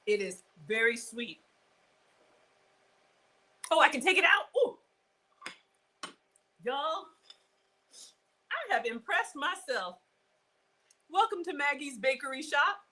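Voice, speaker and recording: A woman hosting a live cooking stream, chatty and excitable, talking straight to her viewers. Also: sits high, slow pace, pauses often, low-quality recording. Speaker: cooking show host.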